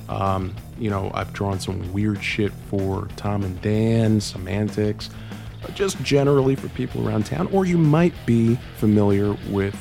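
A man's voice: on the low side, gravelly. A man co-hosting a show, plugging his own artwork in a joking, loose way. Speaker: co-host reading his own ad. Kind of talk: casual self-promo.

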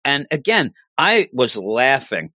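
A man's voice: mid-range voice, takes it slowly, dry recording. A man chatting casually as a co-host, recapping an episode with lots of laughter and acted-out quotes. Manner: animated, laughing, acts out quotes.

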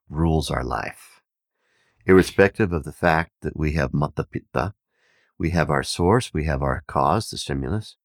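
A man telling a parable and teaching on Vedic wisdom, an animated storyteller who acts out the villagers' shouts. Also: a bass voice, dry recording, studio quality. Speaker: podcast host and teacher.

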